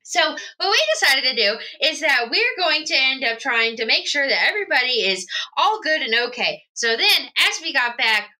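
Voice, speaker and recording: A woman runs through a tabletop campaign recap in loose, rambling chat. She laughs often and piles on fillers. Her voice sits a little high and rings very bright. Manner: rambling and giggly, with many fillers and asides. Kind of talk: casual tabletop game recap.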